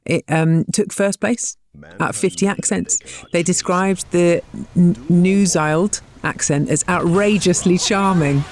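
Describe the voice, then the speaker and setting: A woman's voice: lowish voice, a little mellow. Wry, teasing woman podcast co-host. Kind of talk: casual science chat.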